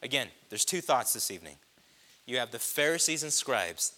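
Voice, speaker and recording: A man preaching a sermon, impassioned, swelling loud on repeated phrases. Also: mid-range voice, very animated, moderate pace. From grew up on a reservation.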